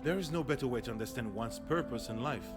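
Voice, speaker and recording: An actor playing a grandiose union leader with an odd foreign-sounding accent, speechifying over game music. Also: male voice, mid-range voice, fast talker, close to an everyday voice. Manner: self-important, speechifying.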